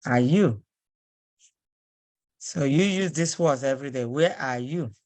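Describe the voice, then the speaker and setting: A woman's voice: rumbling low, moderate pace, darkish tone, no room sound. A woman teaching a language lesson, patiently repeating phrases word by word.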